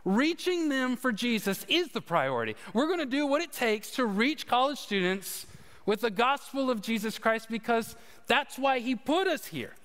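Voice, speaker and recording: High-voiced pastor preaching. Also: male voice, big pitch swings, normal speed, fairly bright tone, in a large hall. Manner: storytelling with humor, conversational. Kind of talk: sermon. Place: church sanctuary.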